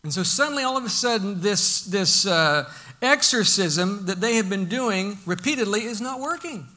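A man's voice: high-pitched, pushed and bright. A man preaching a sermon in a conversational, folksy way, often restarting his sentences. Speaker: pastor.

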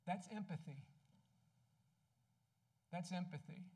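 Conversational pastor, man, fairly high voice. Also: slow pace, dark tone. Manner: conversational, asks the congregation questions. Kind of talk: sermon.

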